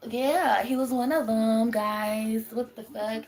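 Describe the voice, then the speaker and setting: A woman's voice: fairly high pitch, steady tone, slow, darkish tone. A young adult woman on a live stream who rambles, swears and laughs often while answering her chat as a spiritual reader.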